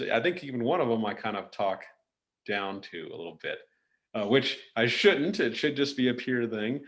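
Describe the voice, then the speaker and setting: Rambling, easygoing male podcast host. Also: mid-range voice. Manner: loose and rambling, with many restarts. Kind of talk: casual conversational chat.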